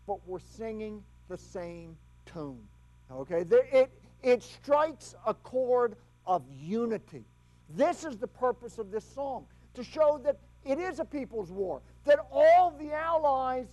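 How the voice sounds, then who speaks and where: Casting: a high-pitched male lecturer, lively, quizzing his class. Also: rough recording. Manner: animated, asks rhetorical questions. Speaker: history lecturer.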